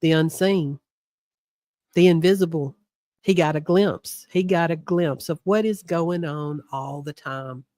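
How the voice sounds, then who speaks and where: A woman's voice: low voice, measured pace, warm tone, dry recording, studio quality. A woman co-hosting a Bible study, reading scripture aloud with chatty asides between passages. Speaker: co-host of a Bible study show.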